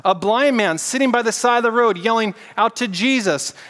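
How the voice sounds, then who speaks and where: Guy preaching, high voice, casual and animated, long echo in a church hall. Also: normal speed. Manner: casual, animated preaching with audience call-and-response. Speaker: pastor. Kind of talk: sermon.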